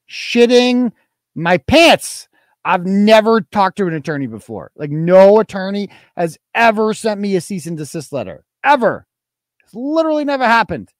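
A higher-pitched man with a Boston accent rants on his own talk show, swinging his voice up and down. He is mocking, combative and profane, and the sound is dry and close with no room around it. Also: dry recording. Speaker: podcast host. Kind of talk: livestream talk show rant.

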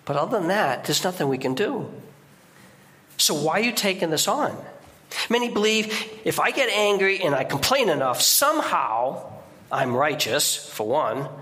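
A man preaching a sermon as a guest preacher in a church, in a conversational way with sudden emphatic rises in pitch. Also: big pitch swings, moderate pace, bright, forceful tone.

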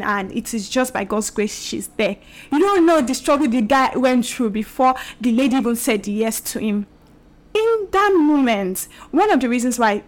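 A woman hosting a solo podcast, talking earnestly and emphatically and acting out the voices she quotes. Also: fairly high pitch. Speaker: podcast host.

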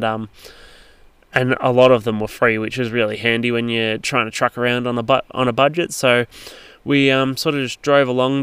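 A man's voice: medium pitch, fairly bright tone, smooth, no echo. A man casually narrating a travel story, rambling along with frequent fillers and restarts. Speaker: travel vlogger.

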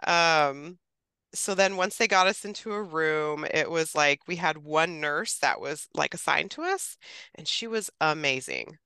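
A woman in her thirties telling a personal story as a podcast guest, chatty and animated, acting out what others said and laughing often. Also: deep voice, a little slow, smooth, no room sound. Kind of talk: casual storytelling.

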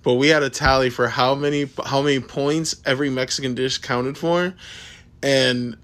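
A man's voice: medium pitch, steady tone, normal speed, fairly bright tone. A man casually telling a story, laughing as he goes and swearing freely.

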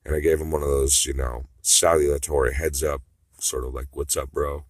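Man, deep voice, husky, rambling profane rant, dry close sound. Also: level tone, brisk, no room sound. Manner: rambling, profane, swings between mutters and outbursts. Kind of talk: rambling monologue.

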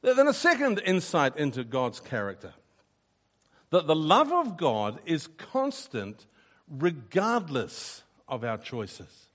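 A man's voice: fairly high pitch, huge pitch swings, takes it slowly, a bit bright. A man preaching a sermon, earnest and emphatic, often repeating a word as he starts a sentence. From New Zealand.

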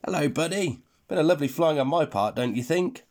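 Chirpy boastful space guy, high and bouncy, a dad putting it on for a bedtime story. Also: expressive, fairly quick, a little mellow, slight background noise, lightly acted. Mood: cheery. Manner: breezy, boastful, encouraging. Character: cheerful chatty male spaceman guide.

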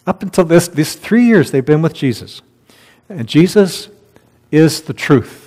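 Pastor preaching in a reverberant hall. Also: male voice, fairly high pitch, lively intonation, unhurried, dark tone, breathy edge. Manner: conversational, reads scripture aloud, loses his place and laughs at himself. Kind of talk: sermon.

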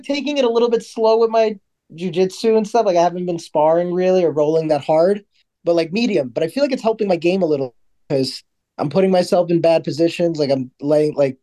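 A man co-hosting a podcast in casual chat, talking in a relaxed, rambling way with lots of "like". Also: high voice. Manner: relaxed, rambling with many "like" fillers. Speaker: podcast co-host.

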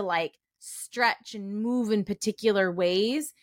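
A woman's voice: mid-range voice, normal speed, a bit bright, dry recording, clean studio sound. A woman hosting a podcast, talking in a reflective, earnest way. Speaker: podcast host. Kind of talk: casual podcast conversation.

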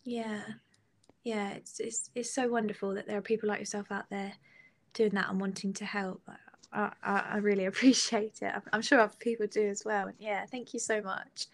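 Giggly British young woman, halting speech. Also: medium pitch, little pitch movement, creaky. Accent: British English. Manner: giggly, halting with many restarts. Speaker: guest singer-songwriter. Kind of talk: casual interview chat.

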